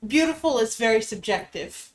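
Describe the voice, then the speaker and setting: A woman chatting casually as a fellow player on a game stream, quick to explain her moves. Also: a little high, expressive.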